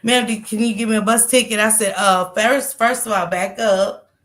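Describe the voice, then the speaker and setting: A woman in her thirties telling a story in casual chat, animated and profane, laughing often and acting out the people she quotes. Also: mid-range voice, moderate pace. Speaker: storyteller recounting a street encounter.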